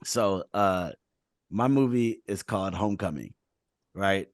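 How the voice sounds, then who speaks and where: A man with a fairly low voice hosts a loose group conversation over a video call. He rambles through his ideas, filling them with "like" and "right?". The sound is close and dry, with no room around it. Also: a little slow, no echo. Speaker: show host. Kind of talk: casual group chat on a call.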